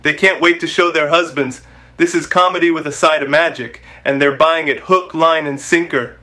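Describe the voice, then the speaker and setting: Male host, fairly high pitch, jokey scripted narration with quick punchlines. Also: fairly even intonation, pushed and bright. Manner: wisecracking, punchy jokey delivery.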